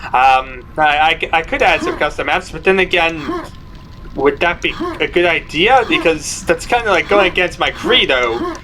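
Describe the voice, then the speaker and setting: A man running loud, jokey gameplay commentary, switching between mumbled planning and mock-panicked shouting. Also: fairly high pitch, expressive, normal speed, slight background noise, low-quality recording. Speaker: gaming video host.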